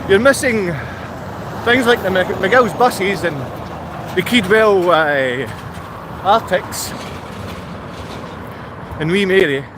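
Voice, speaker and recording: A Scottish man with a Glaswegian accent, rambling to his viewers on a walk-and-talk vlog, chatty and quick to laugh. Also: high-pitched. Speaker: vlogger. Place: outdoors on a town street with traffic. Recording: street traffic noise behind.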